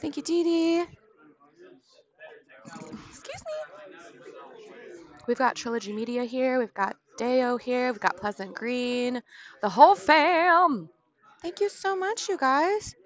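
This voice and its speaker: Giggly woman streamer chatting w/ chat, fairly high voice, muffled sound. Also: lively intonation. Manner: bubbly and giggly, thanking viewers in quick bursts. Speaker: livestream host. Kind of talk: casual livestream chat.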